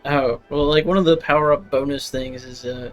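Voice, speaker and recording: A young man hosts a live stream, chatting casually in a mid-range voice with fairly even intonation at a moderate pace. He rambles, fills his speech with fillers, and laughs often, with soft music playing in the background.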